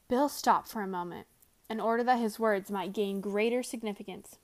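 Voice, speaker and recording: A woman reading a novel aloud to a student with careful, deliberate delivery. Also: mid-range voice.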